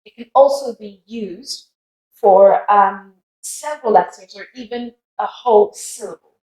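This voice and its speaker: A woman's voice: mid-range voice, unhurried, darkish tone, echoey room, poor audio. A young British woman teaching English pronunciation, patiently modelling words and inviting listeners to repeat them. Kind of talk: pronunciation lesson.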